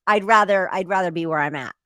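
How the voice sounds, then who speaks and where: A woman's voice: on the low side, fast talker, pushed and bright, dry recording, clean studio sound. A woman talking openly and matter-of-factly in casual chat, easygoing in tone. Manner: open, matter-of-fact, easygoing. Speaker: podcast host.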